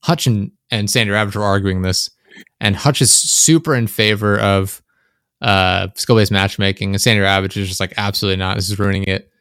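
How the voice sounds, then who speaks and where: Casual podcast co-host: young man, low-pitched, animated rambling delivery, dry close mic. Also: normal speed, clear, resonant tone, dry recording. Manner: animated, swearing, rambling with many fillers. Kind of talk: casual chat. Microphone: close desk microphone.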